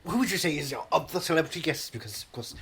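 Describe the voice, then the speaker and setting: A man's voice: fairly high pitch, expressive, racing, fairly bright tone, husky, exaggerated voice. A man doing a comic impression of a pompous aging movie star who rambles and keeps saying "wonderful". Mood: rambling. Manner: rambling, repeats "wonderful" constantly.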